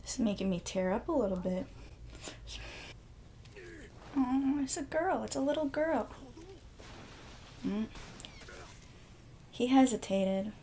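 A woman's voice: fairly high pitch, animated, normal speed, pauses often, warm tone, a little hiss or hum. A young woman hosting a live reaction video, gushing and reacting aloud with emotion, often dropping to a whisper.

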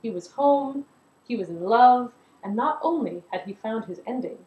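A woman's voice: a little high, lively intonation, normal speed, darkish tone, muffled recording. A woman telling a story in a performance, narrating expressively and animatedly. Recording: roomy echo.

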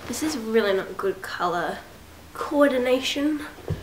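A woman's voice: a little high, moderate pace, background noise. Congested young woman rambling to camera. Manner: rambling, self-mocking, chatty. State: congested with a cold. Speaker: vlogger. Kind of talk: casual rambling chat to camera. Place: at home. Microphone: camera set up at home.

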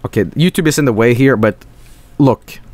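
A young adult man streaming, reacting with excitable, profane, animated storytelling. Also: medium pitch, moderate pace, no room sound. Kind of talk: live stream reaction commentary.

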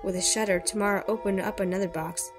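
A woman's voice: medium pitch, fairly even intonation, fast talker, music in the background. A woman reading a children's horror story aloud expressively, with small slips and rereads. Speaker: storybook reader.

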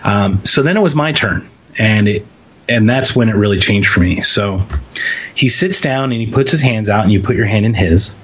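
A man from Philadelphia, an interview guest, telling a personal story in a lively way and acting out the quoted voices. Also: lowish voice, normal speed, slightly rough, muffled recording. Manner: animated storyteller, acts out quotes.

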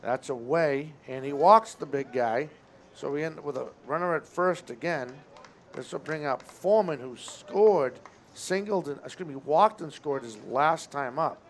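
A man calling local baseball play-by-play at an outdoor stadium, relaxed and chatty, often correcting himself. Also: a little high, measured pace, a little hiss or hum. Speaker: play-by-play announcer.

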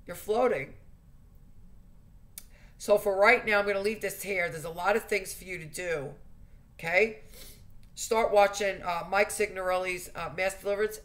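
A woman giving earnest spiritual advice in a monologue, stressing her points by repeating key phrases. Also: medium pitch. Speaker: spiritual vlogger.

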